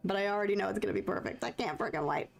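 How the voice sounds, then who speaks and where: A woman's voice: mid-range voice, very fast, vocal fry. A woman chatting casually to her viewers while painting on a live stream, rambling and self-conscious, with lots of fillers.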